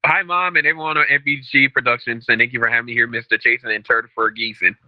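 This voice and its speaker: A man's voice: mid-range voice, fairly even intonation, fast, dry recording, dull audio. A man in his twenties, a game show contestant, speaking hesitantly with many restarts. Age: 20s.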